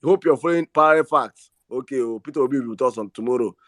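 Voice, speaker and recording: Nigerian man, host of a live audio space, impassioned, repeats himself, dry close sound, mid pitch. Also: very fast, a bit bright, dry recording. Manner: impassioned, repeats words and restarts; slips into Pidgin. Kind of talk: rallying live-stream talk.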